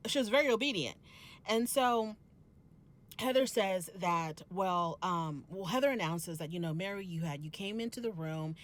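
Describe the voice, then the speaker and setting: Lowish-voiced woman recapping a reality show. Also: expressive. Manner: retelling scenes, acting out quotes in quick bursts. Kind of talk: casual episode recap with quoted dialogue.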